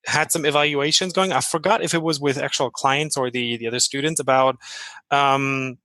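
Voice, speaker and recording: A man's voice: medium pitch, steady tone, moderate pace, sharp tone, no room sound. A man with a German accent, co-hosting a podcast in casual chat, talking freely with many fillers and restarts. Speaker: podcast co-host.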